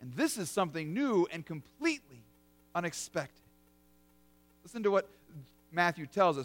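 A man's voice: sits high, sing-song, normal speed, long pauses. A man preaching a sermon as pastor, telling it in a vivid, conversational storytelling way.

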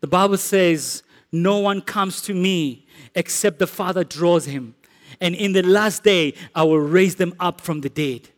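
A man's voice: sits high, a little slow. A man with a South African accent preaching a sermon, earnest and rising to emphatic declarations. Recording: echoey hall with long reverb.

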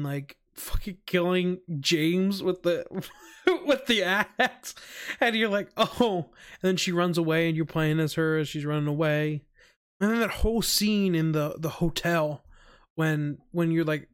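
A young man in a casual, rambling recap of a video game, excited, swearing and saying "like" constantly. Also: a little high. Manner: excited, rambling, heavy use of "like", swears often.

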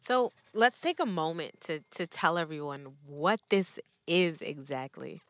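A woman's voice: deep voice, lively intonation, unhurried, no room sound. A woman co-hosting a casual podcast, laughing often and hyping up her co-hosts. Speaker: podcast co-host.

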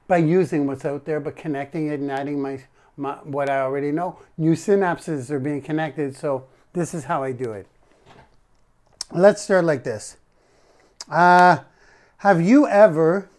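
A man's voice: on the high side, darkish tone. A man live streaming a casual monologue, rambling and correcting himself as he talks to his chat.

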